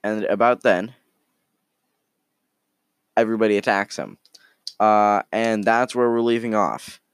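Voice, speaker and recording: A man casually telling an improvised story in a rambling, halting way, full of restarts. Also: fairly low pitch, fairly even intonation, clear, resonant tone, no echo, studio quality. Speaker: storyteller, podcast host.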